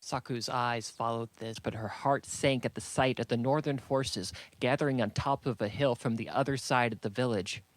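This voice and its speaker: A man narrating a fantasy audiobook in a steady, measured storytelling manner. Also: medium pitch.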